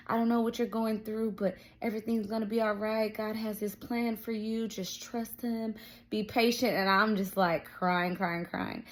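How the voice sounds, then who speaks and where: A young woman talking straight to her viewers as she shares a personal faith testimony. She tells it casually, fills it with "like" and "um", and acts out what everyone said. Her voice sits at an everyday middle pitch. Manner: storytelling with many fillers, quoting others. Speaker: faith vlogger.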